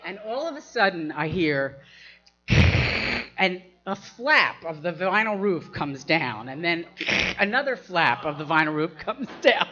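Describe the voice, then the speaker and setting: Lady telling a funny story, keeps laughing, bright sharp voice, dull lo-fi recording. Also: fairly low pitch, sing-song, unhurried. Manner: laughs often while telling, acts out quoted voices. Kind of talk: personal anecdote told to an audience.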